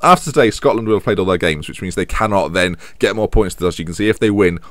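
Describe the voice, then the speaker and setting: A man's voice: deep voice, fast, a bit bright, no echo. A young man commentating on a football management game, rambling and teasing himself as he goes. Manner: self-mocking, rambling, chuckles often. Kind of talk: casual let's-play commentary.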